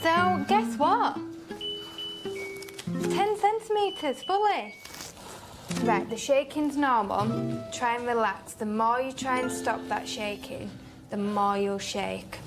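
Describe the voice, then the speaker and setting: A woman working as a midwife, calmly encouraging a mother through labour. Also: sits high, slow. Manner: calm, encouraging. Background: background music.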